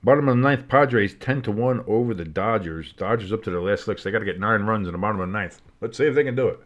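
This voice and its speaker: A sleepy man with a somewhat low voice calls football play-by-play on his live stream. He yawns and drifts into rambling asides between the plays, then perks up for the big moments. His delivery is casual and loose. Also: quick pace, muffled recording. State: tired and sleepy, yawning. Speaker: play-by-play streamer and show host. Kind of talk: live play-by-play commentary with reactions.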